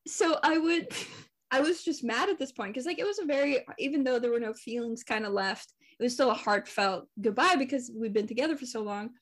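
A young woman with a slightly high voice, chatting casually as a podcast co-host. She tells her stories animatedly, laughs often and swears freely. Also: a little fast. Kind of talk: casual chat.

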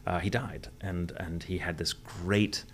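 A man's voice: deep voice, fairly even intonation, a little slow, slight background noise. A man from the United States, a voice actor guest, chatting candidly in a rambling interview and swearing freely. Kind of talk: casual interview chat.

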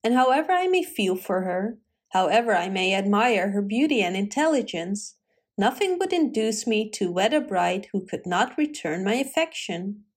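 A woman reading a storybook aloud and voicing a young prince in an earnest, measured tone close to her own voice. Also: mid-range voice, big pitch swings, husky.

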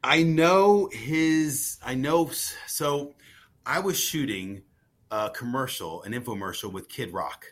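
Excitable rambling male storyteller. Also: mid-range voice, slow. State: jet-lagged. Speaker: cookbook author guest. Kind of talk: casual podcast interview.

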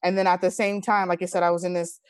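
Heard in a clean studio with no room sound, a thirty-something woman with a fairly low, clear voice talks fast. As an interview guest she tells personal stories in conversation, heartfelt and earnest, animatedly retelling them.

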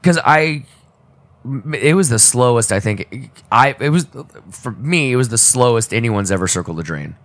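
A man on a podcast telling a deeply personal story in a halting, emotional way, often restarting his sentences and choking up. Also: lively intonation, a bit bright, dry recording. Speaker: podcast co-host. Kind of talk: personal storytelling in casual talk.

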